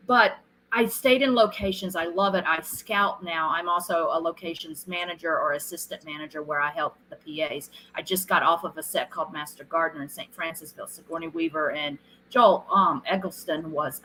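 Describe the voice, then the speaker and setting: A middle-aged woman, a film director being interviewed, telling stories in a casual, animated way and acting out what people said. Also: deep voice, fairly quick, a little hiss or hum, rough recording. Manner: animated storyteller who acts out quoted lines.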